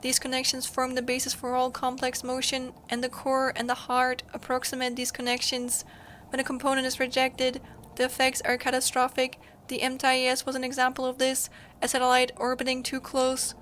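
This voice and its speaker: A woman voicing a grieving robot built to help others, speaking in halting, repetitive, formal statements. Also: sits high, completely flat delivery, fairly bright tone, a little hiss or hum. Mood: explaining.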